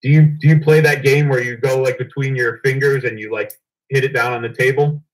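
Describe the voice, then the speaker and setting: A man's voice: mid-range voice, steady tone, brisk, poor audio. A man co-hosting a casual livestream, teasing and goofy as he reads out chat messages. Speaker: co-host reading chat.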